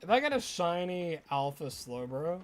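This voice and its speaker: A man's voice: fairly high pitch, sing-song, normal speed. A young Australian man with a mix of Australian and American accent, chatting casually with his live-stream chat while playing a game, mock-indignant and talkative. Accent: Australian with some American.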